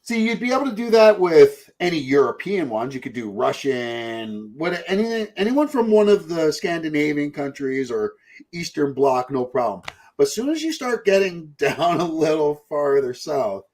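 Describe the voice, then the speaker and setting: Man, podcast host, casual rambling chat, swearing, very lively pitch. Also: normal speed. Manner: rambling, profane, puts on mocking voices.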